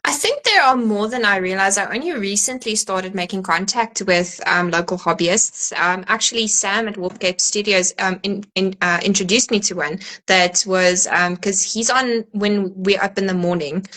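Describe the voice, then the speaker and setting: A bright, clear American woman's voice belongs to a guest on a casual podcast. She talks freely, laughs often and fills her pauses with ums. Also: mid-range voice. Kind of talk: casual chat.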